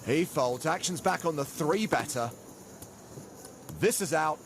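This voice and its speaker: A man giving play-by-play sports commentary, brisk and lightly witty. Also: fairly high pitch, animated, vocal fry, a little hiss or hum.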